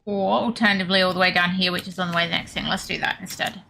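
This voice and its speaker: Aussie woman streaming a game, chatty and jokey, bright voice, faint room hum behind. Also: fairly low pitch, fairly even intonation, very fast, vocal fry. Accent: Australian. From Australia. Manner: chatty, self-deprecating, laughs often, reads chat aloud. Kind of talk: casual gaming stream chat.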